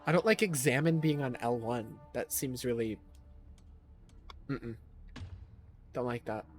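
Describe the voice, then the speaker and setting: A man's voice: medium pitch, a little slow, faint music behind. Chatty male game streamer. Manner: reads on-screen text aloud, chatty, blurts loud surprised outbursts. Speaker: livestreamer playing a game. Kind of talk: casual game streaming commentary.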